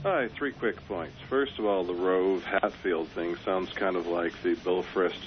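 A man phones in to a talk radio show, speaking quietly and quickly through his points in a lowish voice. The line is muffled, with a faint hiss underneath. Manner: quiet, rapid-fire points. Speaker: caller. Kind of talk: phone-in call.

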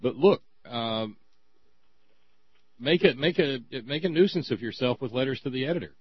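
A man's voice: medium pitch, animated, moderate pace, slightly rough, highs cut off. Stammering, sarcastic male radio host. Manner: rambling, stammering restarts, sarcastic. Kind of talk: talk radio chat.

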